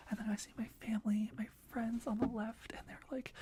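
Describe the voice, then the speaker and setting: A young man talking in a soft, rambling ASMR whisper, full of restarts, as he shares life updates. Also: very high voice, level tone, a little fast, few pauses, slightly rough. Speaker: ASMR creator.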